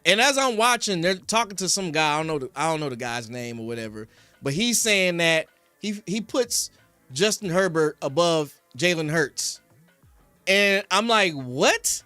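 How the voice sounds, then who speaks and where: Heated, high-voiced Philly sports host. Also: male voice, expressive, normal speed, bright, forceful tone, smooth, dry recording, soft background music. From Philadelphia. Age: young adult. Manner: rambling, reads chat names, rises to heated rants. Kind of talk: casual sports talk to live chat. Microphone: studio podcast mic.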